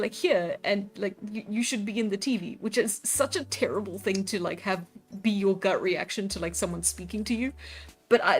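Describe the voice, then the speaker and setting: A woman chatting casually with her stream audience while she draws, giggling often and reacting to chat. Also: medium pitch. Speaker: live-streaming artist. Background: faint background music.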